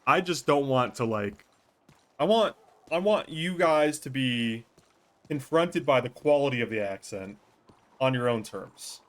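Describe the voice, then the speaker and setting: Guy streamer thinking out loud to chat, curses a lot, mid pitch. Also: animated, unhurried. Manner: chatty, swears freely, thinks aloud. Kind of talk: casual out-of-character chat with viewers.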